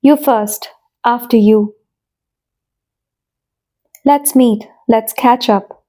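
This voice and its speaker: A woman reading an English vocabulary lesson as short phrase pairs, with a pause after each phrase. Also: fairly high pitch, warm tone. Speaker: English teacher. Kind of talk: slow scripted vocabulary lesson.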